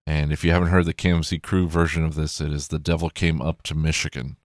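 Very deep-voiced man rambling casually. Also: flat delivery, fast, no echo, studio quality. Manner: rambling, profane, restarts and self-corrections.

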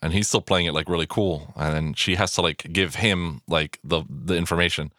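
Low-voiced man rambling about a film. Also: moderate pace, bright, forceful tone, no echo, studio quality. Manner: rambling and profane, many fillers and restarts. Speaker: film commentator. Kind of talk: casual film commentary.

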